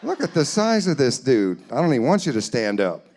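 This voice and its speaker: A man doing comedy crowd work in a church hall, teasing audience members in quick banter. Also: medium pitch, sing-song, a little mellow. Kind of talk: live stand-up crowd work.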